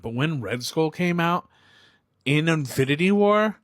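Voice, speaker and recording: Here a young male movie reviewer rambles about a film with excitable energy and frequent laughs, though at a measured pace. His pitch is fairly high. He recorded it himself on a phone or camera, and it comes across dry and studio quality.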